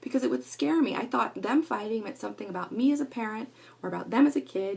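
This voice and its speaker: Gravelly-voiced woman chatting about parenting. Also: on the high side, lively intonation, fast, a little mellow. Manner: rambling, earnest, many fillers. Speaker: parenting vlogger. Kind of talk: casual talk to camera.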